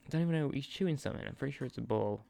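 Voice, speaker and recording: A gaming channel host with a medium-pitched, gravelly, warm voice rattles off expressive, rapid-fire commentary over a football management game. He keeps it casual and chatty, losing focus easily and laughing and swearing into a sensitive desk mic.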